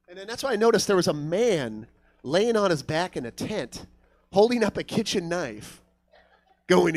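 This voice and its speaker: A man's voice: a little high, normal speed. A man doing a stand-up comedy set on a club stage, telling stories with lots of swearing and acting out other voices. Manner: swearing, animated storytelling, acts out other voices. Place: comedy club stage before a live audience.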